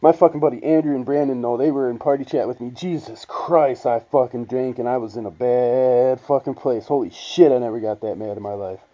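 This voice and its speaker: A young man tells his own story in a loose, rambling way, swearing freely and stumbling over restarts. His voice is very dark and mellow. The audio sounds dull and lo-fi. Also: mid-range voice, a little fast, few pauses. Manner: profane, blunt, rambling with restarts. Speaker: vlogger. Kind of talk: casual storytelling monologue.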